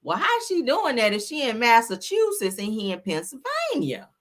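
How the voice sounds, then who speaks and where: A woman hosting a celebrity gossip stream in casual, profane, animated chat, acting out the people she talks about. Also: a little high, moderate pace. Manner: animated, sassy, profane, acts out people with voices.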